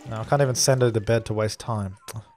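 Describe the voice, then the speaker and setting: A man's voice: on the low side, fast, a little mellow, a little hiss or hum. A man hosting a let's play, chatting casually and giving orders to the characters on screen as he plays. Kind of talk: casual gameplay commentary.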